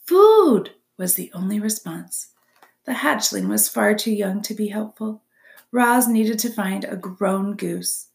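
A woman narrating a children's novel aloud with expressive storytelling. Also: medium pitch, unhurried, creaky.

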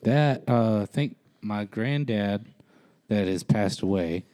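A man's voice: fairly low pitch, slow, dark tone, dry recording, clean studio sound. An easygoing man co-hosting a casual podcast chat, asking questions and laughing.

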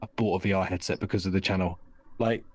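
A man hosts a casual podcast chat, his voice sitting on the low side. He talks in long, eager runs, clearly excited by what he describes. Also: fast talker, no echo. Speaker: podcast host.

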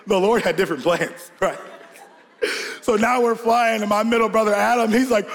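A man from Georgia preaching a sermon, telling a lively childhood story with laughter and call-and-response to the congregation. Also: high-pitched, brisk. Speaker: pastor. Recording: long hall reverb.

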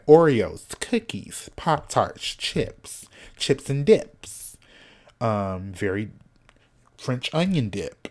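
A man hosting a solo podcast in casual chat, sassy and animated, cussing freely and snacking as he talks. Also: mid-range voice. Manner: snacking while talking. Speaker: podcast host.

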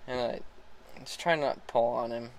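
A man casually telling a story about riding a young horse, relaxed, laughing often and restarting his sentences. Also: mid-range voice, normal speed, low-quality recording. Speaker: horse rider starting a young colt.

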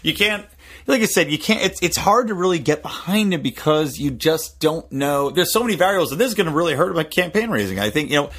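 A man's voice: on the high side, animated, fairly bright tone, breathy edge. A man co-hosting a casual political podcast, joking and riffing as he talks. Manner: jokey, quick to riff and do silly voices. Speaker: podcast co-host, political analyst.

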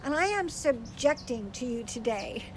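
An older woman giving a gentle, earnest faith teaching to a group, tearful at times as she speaks. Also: sits high, lively intonation, moderate pace, slight background noise, poor audio. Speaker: speaker teaching on prayer for children.

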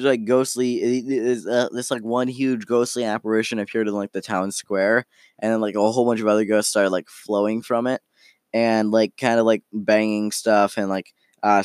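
A man's voice: on the low side, level tone, normal speed, darkish tone, clear, resonant tone, no room sound, natural voice. A man voicing a nervous townsman who stammers and rambles while begging for help. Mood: rambling. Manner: stammering, panicky.

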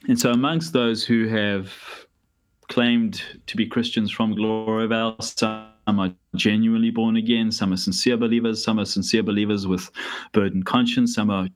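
A New pastor with a low voice, explaining theology on a casual podcast. He builds his points step by step in a measured, teacherly way. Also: fairly even intonation.

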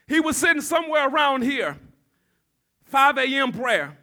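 With a very high voice that carries a bright, forceful edge, this male pastor delivers a full sermon in a sing-song way at a measured pace, pausing often. He urges the congregation to respond and rises into shouting.

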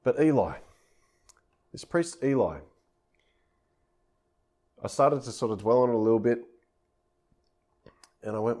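A male preacher with a slightly low voice gives a relaxed, conversational sermon. He retells the scripture passage informally, in plain everyday speech, as if chatting with his congregation. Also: normal speed, pauses often.

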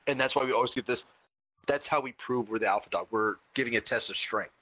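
A man's voice: mid-range voice, fast talker, bright, forceful tone, low-quality recording. A man co-hosting a casual chat, rambling with lots of "like" and restarts. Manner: rambling, filler-heavy, restarts a lot. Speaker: podcast co-host.

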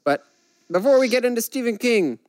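A man co-hosting a casual chat show, animated and joking with quick asides. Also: very high-pitched, no echo. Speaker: podcast co-host.

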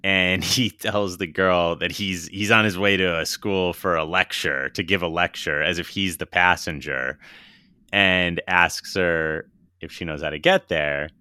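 A man's voice: sits low, steady tone, unhurried, sharp tone, smooth, no echo, clean studio sound. A man co-hosting a casual movie podcast, retelling film scenes with enthusiasm and the odd swear. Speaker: podcast co-host.

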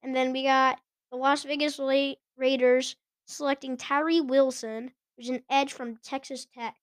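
High-voiced chatty woman podcaster. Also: level tone, a little slow, clean tone, dry recording, clean studio sound. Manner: chatty, giggly, stumbles over names. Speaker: podcast host. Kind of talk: casual sports chat.

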